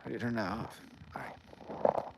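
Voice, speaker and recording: Heavy background noise surrounds a man from Ireland hosting a livestream outdoors in a garden. Speaking at normal speed, he jokes and rambles his way through viewer comments in relaxed stream chat.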